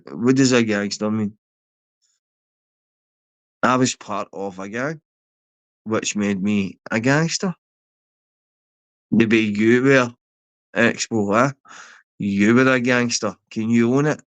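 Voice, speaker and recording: Slow, taunting Glaswegian man. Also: mid-range voice, no echo. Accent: Scottish, Glaswegian. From Scotland. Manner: aggressive, taunting, heavy swearing. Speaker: livestreamer. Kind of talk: confrontational livestream rant.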